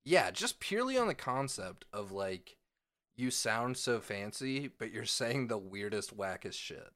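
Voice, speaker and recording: A man's voice: on the low side, sing-song, a little slow, bright, forceful tone. Laid-back man podcast co-host. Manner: laid-back, jokey, swears freely. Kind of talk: casual chat.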